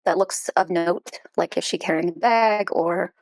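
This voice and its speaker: A woman's voice: on the low side, measured pace, gravelly, no echo, poor audio. A woman playing a tabletop game who chattily describes what her character does, with plenty of fillers. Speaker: player.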